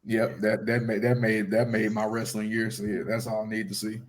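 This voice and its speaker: A man's voice: on the low side, little pitch movement, moderate pace. A man co-hosting a casual podcast, joking and unashamed. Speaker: podcast co-host.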